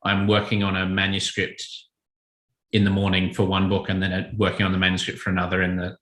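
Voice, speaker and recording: Forceful, lower-voiced man in an echoey room. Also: fast. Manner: thoughtful, self-correcting, relaxed. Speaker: children's author and illustrator. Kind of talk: interview answers.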